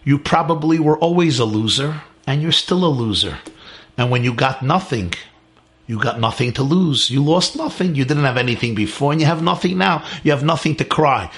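Guy doing a mocking prisoner, taunting, kinda low. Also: lively intonation, normal speed, fairly bright tone. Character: scornful male fellow prisoner in a labor camp.

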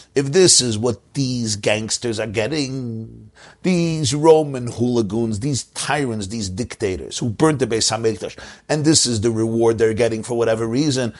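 Teaching Torah, this man speaks huskily and moves his pitch across a broad range: he drops low for narrative and climbs high for emphasis.

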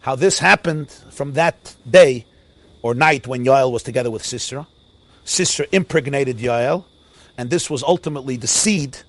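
A man giving an animated, sing-song Torah lecture. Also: mid-range voice, dry recording. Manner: animated, sing-song preaching with Yiddish and Hebrew terms. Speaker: rabbi teaching a Torah class.

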